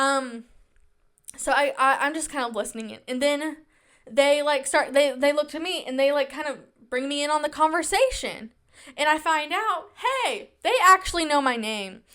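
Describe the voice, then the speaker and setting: A woman's voice: sits high, lively intonation, normal speed, a bit bright. A woman in her twenties hosting a podcast, telling stories from her own life in a chatty, self-mocking way with a sarcastic edge. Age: 20s. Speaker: podcast host. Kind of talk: casual chat.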